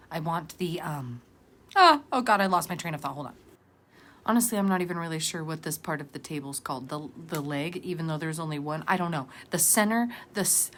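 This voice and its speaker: A woman's voice: deep voice, fairly bright tone, slight background noise. A woman vlogger narrating a casual crafting tutorial in a rambling, chatty, self-deprecating way.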